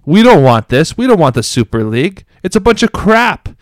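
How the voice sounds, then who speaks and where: A man's voice: on the high side, big pitch swings, brisk, dry recording. A man co-hosting a football podcast, ranting angrily with lots of swearing and emphatic repetition. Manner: angry, swearing, emphatic rants. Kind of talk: heated podcast rant.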